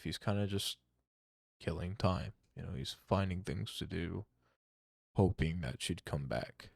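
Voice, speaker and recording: A young man reacts to music in a low, gravelly voice with a relaxed, hesitant ramble and frequent swearing. His talk is close to the mic and completely dry, with no room sound. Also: no echo. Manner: rambling, hesitant, swears often, many restarts. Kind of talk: casual reaction commentary.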